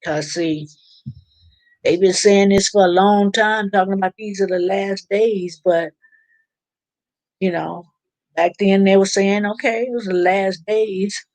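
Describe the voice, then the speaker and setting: A woman's voice: medium pitch, fairly even intonation, unhurried, long pauses, darkish tone, dry recording. A woman hosting a casual live stream, chatting informally and reading out viewer comments. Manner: chatty, informal, preachy about faith.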